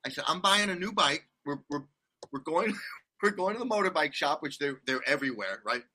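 High bright-voiced man, rambling story. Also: fairly quick. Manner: rambling, animated, laughs often, many restarts. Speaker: guest telling a travel story. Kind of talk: casual storytelling chat. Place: condo abroad.

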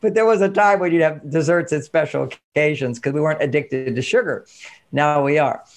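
A man with a high, light voice teaches parenting through anecdotes. He tells his stories with animation and acts out both sides of the conversation. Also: brisk. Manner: animated storytelling, acts out dialogue. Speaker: parenting and emotions coach. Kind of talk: instructional talk with anecdotes.

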